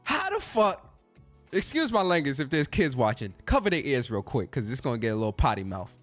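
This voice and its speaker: A man's voice: medium pitch, sing-song, quick pace, soft background music. A man hosting a gaming stream in a casual, profane rant, repeating phrases for emphasis.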